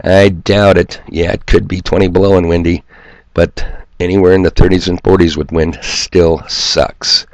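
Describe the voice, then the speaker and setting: A man with a very low, gravelly voice and a nasal twang delivers a profane, sarcastic rant straight to his viewers. He sounds stuffed up from hay fever and mocks himself as he goes, and the recording is dry and close. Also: level tone, normal speed, no room sound. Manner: sarcastic, profane, self-mocking. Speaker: solo video commentator. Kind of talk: ranting monologue to viewers.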